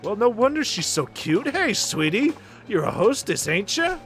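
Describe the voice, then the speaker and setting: A man's voice: high voice, sing-song, moderate pace, a bit bright, faint music behind, full character voice. A man voicing a sleazy, rude young male street thug, crude and pushy. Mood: leering.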